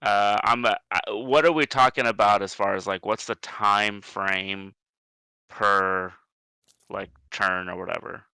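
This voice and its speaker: Low, gravelly man playing a tabletop game. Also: steady tone, measured pace, pushed and bright, no echo. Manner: hesitant, full of restarts and fillers. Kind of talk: casual game chat.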